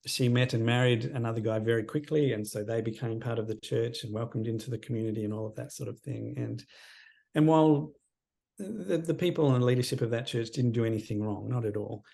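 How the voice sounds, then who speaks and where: Telling a personal story during a podcast interview, a fifties-aged Australian counsellor speaks earnestly and reflectively at a slightly fast pace. His voice is gravelly yet warm and mellow, sitting at an ordinary middle pitch for a man, and his sentences tend to fade into quiet endings.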